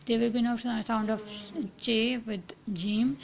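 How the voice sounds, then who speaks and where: Woman, Arabic pronunciation teacher, slightly high voice, patient drilling of syllables, faint background noise. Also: fairly even intonation, vocal fry, a little mellow. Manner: slow and patient, demonstrating sounds with repeated syllables; many fillers and restarts, often saying inshallah. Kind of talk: online lesson on Arabic letter pronunciation.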